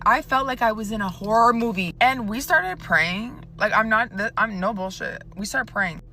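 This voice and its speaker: A woman's voice: fairly high pitch, normal speed, hardly any pauses, bright, forceful tone. A woman in her twenties telling a storytime vlog in a chatty, profane way, talking straight to the viewer.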